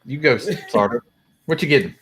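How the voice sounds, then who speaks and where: Guy running the chat, lively up and down voice, throws in goofy accents. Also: mid-range voice, moderate pace, slight background noise. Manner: steers the talk, tosses in silly accents. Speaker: podcast co-host. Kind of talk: casual group chat.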